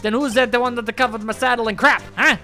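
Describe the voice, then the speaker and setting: A man's voice: very high-pitched, fairly even intonation, fast talker, bright, forceful tone, full character voice. Brash biker tough with a put-on Brooklyn accent, swaggering threats, read by a man, game music under it. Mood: threatening. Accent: attempted Brooklyn.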